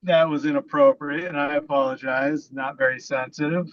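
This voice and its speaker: A man improvising a comedy scene in a halting, hesitant, deadpan way. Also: a little high, dry recording, highs cut off. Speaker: improv player.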